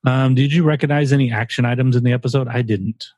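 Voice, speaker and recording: A man's voice: medium pitch, fairly even intonation, fast, a little mellow, no room sound. A man co-hosting a casual podcast, rambling and joking with the odd swear word. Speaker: podcast co-host. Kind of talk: casual chat.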